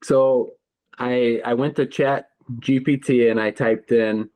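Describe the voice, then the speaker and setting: A man hosting an interview for language learners, speaking in a measured, encouraging way. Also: medium pitch, fairly even intonation, a little mellow, rough recording. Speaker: host and English teacher.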